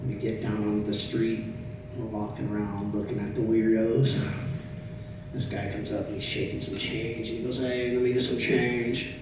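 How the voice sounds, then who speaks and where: A middle-aged man doing a stand-up comedy set, telling stories in a conversational way, loud at the punchlines and quiet in the asides. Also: on the low side, little pitch movement, normal speed. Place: comedy club stage. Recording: echoey room, distant mic, audible noise.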